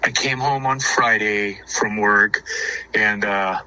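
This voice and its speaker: A man's voice: fairly low pitch, steady tone, slow pace, bright, forceful tone, rough recording. A man, a guest on a show, telling hunting stories in a rambling way, repeating words and chuckling. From Arizona. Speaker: guest, houndsman. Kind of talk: casual storytelling.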